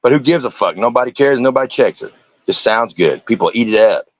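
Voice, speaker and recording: A man's voice: mid-range voice, expressive, fairly quick, dry recording. A man, a streamer giving angry, profane reaction commentary and confronting the people in the clips.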